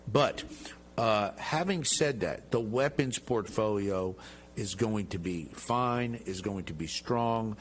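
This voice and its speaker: A middle-aged man speaks in a somewhat low voice, emphatic and jovial, plainly proud of his own standing. He is a guest on a studio interview show. A faint electrical hum sits under the recording. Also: slow pace. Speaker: congressman, guest. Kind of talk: interview talk.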